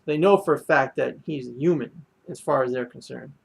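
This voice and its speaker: A man talks through an anime episode in a loose, rambling review. His voice has a gravelly, creaky texture at a middling pitch. He fills his sentences with "you know" and restarts. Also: moderate pace. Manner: rambling, heavy on fillers and restarts. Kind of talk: casual spoken review.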